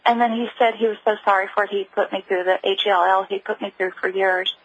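A middle-aged woman recounting a personal story as an interview guest, earnest and halting with frequent restarts. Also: mid-range voice, fairly even intonation, muffled recording, slight background noise.

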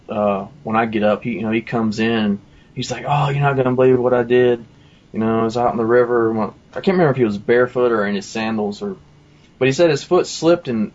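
A man's voice: fairly low pitch, lo-fi sound. A man telling a personal testimony in a casual, rambling way, full of asides and fillers. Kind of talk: casual storytelling.

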